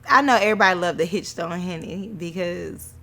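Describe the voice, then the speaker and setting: A woman's voice: on the low side, a little fast. Chatty woman telling wedding stories. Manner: animated storytelling, laughing often. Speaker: podcast co-host, newlywed bride. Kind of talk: casual chat.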